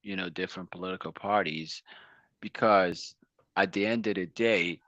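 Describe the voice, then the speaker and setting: Deep, slow male co-host on a dull line. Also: fairly even intonation, a bit bright, no room sound. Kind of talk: casual political talk.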